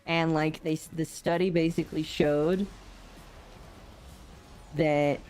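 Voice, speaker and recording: A woman's voice: low voice, level tone, slow pace, darkish tone, soft background music. A young adult woman chatting casually on a game stream, sleepy and yawning often, self-deprecating as she reads chat aloud. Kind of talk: casual live-stream chat while gaming.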